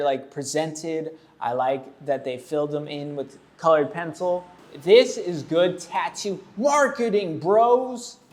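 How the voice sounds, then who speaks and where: A man in his thirties, a tattoo artist, giving casual, rambling and jokey commentary with a sarcastic streak. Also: fairly high pitch.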